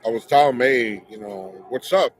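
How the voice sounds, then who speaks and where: A middle-aged man sits and tells a personal story straight to his audience in a loose, blunt, street-slang manner. His voice sits at an ordinary middle pitch, and he ends on a direct warning to his listeners. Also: normal speed, a little hiss or hum. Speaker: show host.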